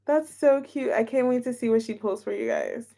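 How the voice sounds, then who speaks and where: A woman's voice: on the high side, normal speed, gravelly, mellow. A woman hosting a tarot livestream, chatting casually and giggling as she greets viewers by name.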